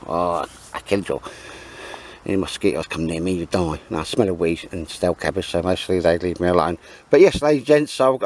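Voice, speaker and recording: A man's voice: low-pitched, darkish tone. A British man chatting casually to camera in a camping vlog from the woods, rambling with cheeky asides. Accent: British English. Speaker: outdoor vlogger. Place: outdoors in woods at a camp.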